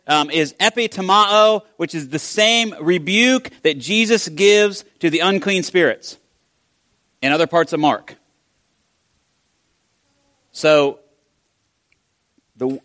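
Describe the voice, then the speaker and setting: A man giving a conversational sermon, telling the story in a casual, animated way with frequent restarts. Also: high-pitched, no room sound. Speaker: pastor.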